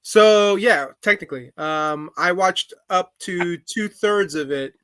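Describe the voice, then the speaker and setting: A man co-hosts a podcast in casual chat, using many fillers and restarts. His high-sitting voice is slow, bright, forceful and smooth, recorded dry with clean studio sound.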